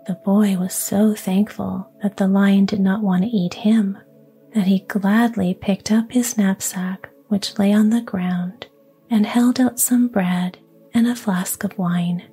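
A woman's voice: medium pitch, steady tone, slow, warm tone, faint music behind. A woman reading a fairy tale aloud, whispering throughout. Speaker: storyteller.

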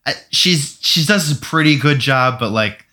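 A man co-hosting a casual film podcast, animated and profane, mocking characters. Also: a little slow. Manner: animated, swearing, mocks characters in shrill voices. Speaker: podcast co-host.

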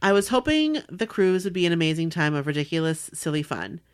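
A woman podcast host in casual chat, reading a listener's letter aloud with animated warmth. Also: on the low side, fairly quick, clear, resonant tone. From Southern California. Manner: warm, animated reading with laughs.

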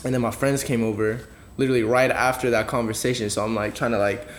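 A young man chats casually on a podcast, his voice at an ordinary middle pitch. He tells stories in a loose, slang-filled way, and faint background noise sits under him. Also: steady tone, fast talker. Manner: laid-back slang-heavy storytelling. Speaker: podcast co-host. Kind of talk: casual chat.

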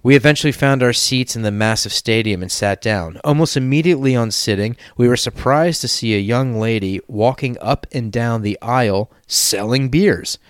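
A man's voice: mid-range voice, moderate pace, hardly any pauses, clean tone, dry recording. Man reading a story aloud, dry sound. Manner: reads aloud with laughs and crude asides. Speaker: podcast host reading a listener story. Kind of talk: casual podcast chat.

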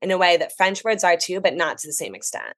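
An American woman, a travel writer guesting on a podcast, telling stories in a chatty, animated, enthusiastic way. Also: lowish voice, quick pace. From United States. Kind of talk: casual podcast chat.

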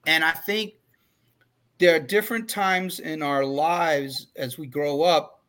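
Co-host, male, 40s: bright, slightly high voice, candid and rambling, lots of restarts. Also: steady tone, slow pace. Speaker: podcast co-host. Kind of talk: casual chat.

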